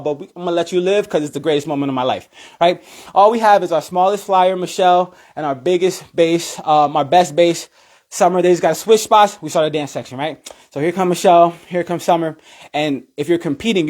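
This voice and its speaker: Energetic man telling a story. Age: 30s. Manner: energetic, acts out his own thoughts in high voices. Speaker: cheer coach. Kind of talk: animated storytelling.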